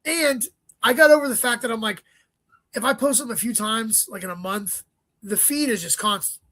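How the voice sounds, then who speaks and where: A man with a high, bright voice talks as a comedian guest in a casual interview, tossing off profane stories and asides. The sound is dry and close, with almost no room around him. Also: no echo. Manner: profane, rapid storytelling with joking asides.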